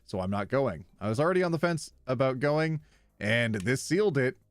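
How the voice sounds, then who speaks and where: A man's voice: medium pitch, lively intonation, moderate pace, no room sound, soft background music. A man streaming, casually reading online posts aloud with playful, wry commentary and easy laughter.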